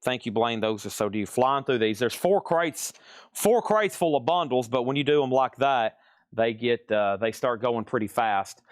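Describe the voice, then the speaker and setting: A man running a live-stream record auction. He talks briskly, repeats prices and bidders' names, and makes folksy asides while he works in a record shop. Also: mid-range voice, animated, clear, resonant tone, no echo, studio quality. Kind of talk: live-stream sales patter. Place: record shop, moving between crates.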